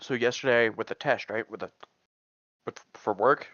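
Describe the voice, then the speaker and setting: A man's voice: mid-range voice, moderate pace, fairly bright tone, no room sound, dull audio. A man chatting casually over a voice-chat mic, laid-back and rambling. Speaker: stream co-host on voice chat.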